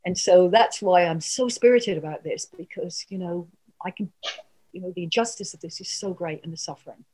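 Husky-voiced woman coaching earnestly. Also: on the low side, moderate pace, dark tone. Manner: earnest, coaching, frequent asides and laughs. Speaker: communication trainer. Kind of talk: workshop talk.

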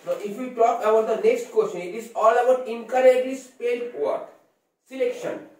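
Indian English male tutor, fairly high voice, slow explaining manner, recorded from afar in an echoey room. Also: a little mellow. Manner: explains slowly, spells words out letter by letter. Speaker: English teacher. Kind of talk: exam-prep lesson. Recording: very echoey room, voice far from mic.

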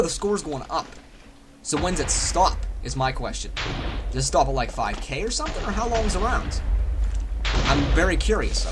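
A man rambles through his gameplay with a lively, up-and-down voice and a habit of mocking himself. He talks into a desk mic. Loud game music and explosions pound behind him. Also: fairly high pitch. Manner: rambling, self-mocking, excitable. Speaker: gaming channel host. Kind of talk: casual let's-play commentary.

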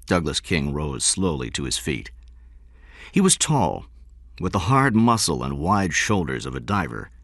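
A man reading a story aloud, lifting his voice for the characters and dropping low for the narration. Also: sing-song, measured pace, gravelly, a bit bright, dry recording, studio quality. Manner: raises pitch for character lines, drops low for narration. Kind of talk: audiobook reading with voiced dialogue.

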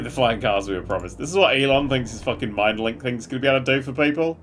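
A man giving loud, swearing, excitable live commentary while streaming a game, with sudden yelps and laughs. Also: mid-range voice, fast talker, few pauses, slight background noise.

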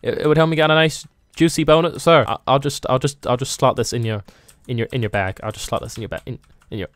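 A man's voice: medium pitch, fairly even intonation, fast, no echo. A man doing comedic let's-play commentary, sarcastic and playfully rude, bursting into mock outrage. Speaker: gaming YouTuber.

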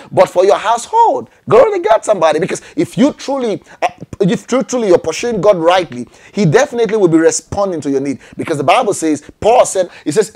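A male pastor preaching a sermon emphatically, asking rhetorical questions and jumping high in pitch on exclamations. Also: a little mellow.

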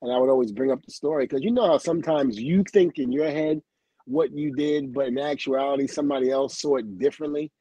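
A man's voice: medium pitch, fast talker, no echo, rough recording. A middle-aged man telling stories from his career as a livestream guest, acting out what others said and laughing often. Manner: lively storyteller who acts out quoted dialogue, laughs often, swears.

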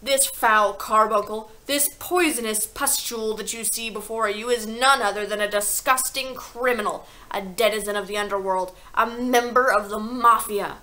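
A woman voicing a tyrannical, bullying headmistress who barks slow, scornful insults. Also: on the high side, steady tone, sharp tone, rough recording. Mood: furious. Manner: barking, scornful, drawn-out insults.

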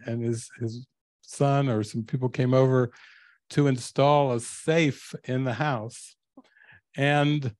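A man's voice: mid-range voice, darkish tone, no room sound. An older man, a spiritual teacher, telling stories to a live audience and laughing often. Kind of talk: storytelling talk to a live audience.

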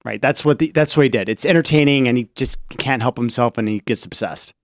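A man speaking as a podcast guest, relaxed and agreeable, often giving short affirmations. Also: medium pitch, fairly quick, no room sound, clean studio sound. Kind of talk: casual podcast discussion.

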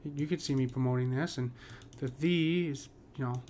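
A man with a medium-pitched, darkish voice speaks at normal speed, with a little hiss or hum in the recording. As a poetry teacher, he wanders through an informal explanation of meter, making many restarts and repeatedly saying "right?"

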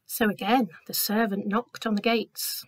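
A woman giving a gentle storytelling talk to children in a church, acting out the voices in her story. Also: mid-range voice, steady tone, a little slow, background noise. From England. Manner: gentle, clear storyteller, acts out quoted voices.

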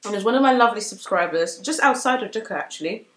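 A young woman talks through her shopping haul in a casual, bubbly way, full of fillers. Her voice sits at an ordinary middle pitch. The room around her adds a noticeable echo. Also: lively intonation, quick pace, slight background noise. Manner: chatty and bubbly, many fillers. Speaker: vlogger. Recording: echoey room.

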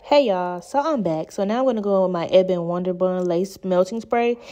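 A woman's voice: on the low side, moderate pace, dark tone. A young woman talking through a wig install in a casual, exasperated vlog style, chatting straight to her viewers. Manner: exasperated, chatty, addresses viewers as girl and y'all. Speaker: beauty vlogger. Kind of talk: casual talk-through hair tutorial. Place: home room at a mirror.

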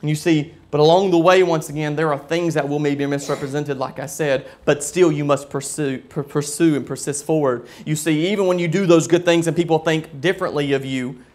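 A man in his thirties preaching a sermon as pastor, earnest, often dropping to a soft near-whisper. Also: on the high side, fairly even intonation, fairly quick, hardly any pauses.

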